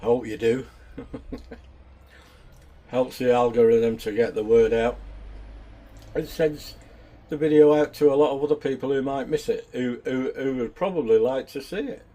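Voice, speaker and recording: Rambling home cook, male, warm mellow tone, easygoing vlogger chat. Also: medium pitch, normal speed, long pauses. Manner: rambling, chatty and down to earth. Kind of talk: casual chat.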